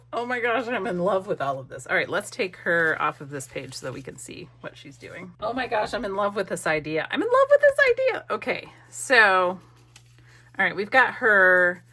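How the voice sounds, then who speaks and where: There's a breathy edge to this middle-aged woman's medium-pitched, sharp-toned voice, and she sounds animated at a moderate pace. Hosting a craft video, she narrates casually, chatting and teasing herself in a playful, self-mocking way.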